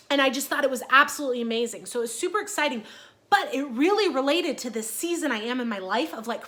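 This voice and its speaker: A woman's voice: high voice, a bit bright. A woman in her thirties talking in a casual personal vlog, chatty and earnest with many fillers. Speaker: vlogger.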